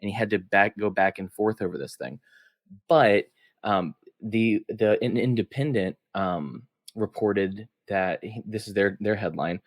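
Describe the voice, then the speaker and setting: Low-voiced upbeat podcast man. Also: unhurried, no room sound, studio quality. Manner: upbeat, laughs often, reads headlines aloud. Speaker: podcast co-host. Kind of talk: casual political chat.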